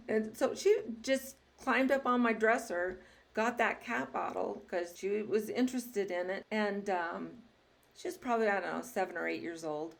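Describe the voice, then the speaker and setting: A woman hosting a podcast, chatting casually and telling lively stories with frequent laughter. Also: mid-range voice, moderate pace, creaky. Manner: lively storyteller, laughs often. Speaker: podcast host. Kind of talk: casual interview chat.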